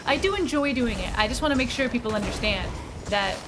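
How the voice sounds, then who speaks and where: An American woman streaming a game, chatting casually and excitably with viewers and laughing often. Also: a little high, brisk, background noise. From United States. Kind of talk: casual live-stream chat while gaming. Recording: game music behind the voice.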